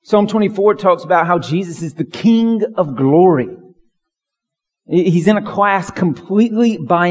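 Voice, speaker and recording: A man's voice: on the high side, darkish tone, long reverb tail. A man preaching a sermon as pastor, emphatic and building to fervent lists of praise.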